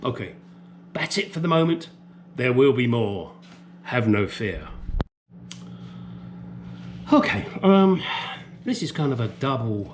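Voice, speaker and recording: A man's voice: medium pitch, big pitch swings, takes it slowly, pauses often, a little hiss or hum. A man from the UK delivering an angry, profane opinion rant as a vlogger.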